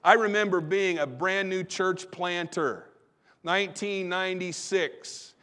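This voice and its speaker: A man with a notably high voice preaching to his congregation. He speeds up through repeated lines and slows down for emphasis, slipping into little quoted voices along the way. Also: sharp tone. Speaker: pastor. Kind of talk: sermon.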